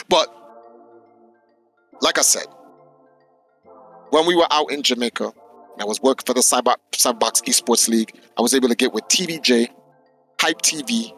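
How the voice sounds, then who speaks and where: A man hosting a podcast, telling stories in an animated, slangy way with lots of swearing. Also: medium pitch. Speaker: podcast host. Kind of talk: casual podcast chat.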